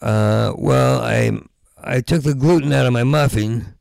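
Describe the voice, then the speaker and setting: A man doing a rambling stand-up comedy set, stuttering through restarts and breaking into loud rants. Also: mid-range voice, a little slow, creaky, dry recording, clean studio sound.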